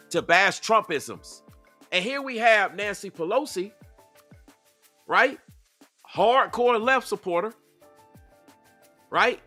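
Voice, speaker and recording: A man hosting a casual commentary stream, reacting to video clips and talking to his chat in a repetitive, animated way. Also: sits high. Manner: animated, repetitive, asks the audience.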